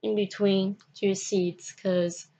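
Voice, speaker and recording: A woman vlogs a personal story, halting and repetitive, frequently starting her sentences over. Her mid-range voice is dark and level in tone.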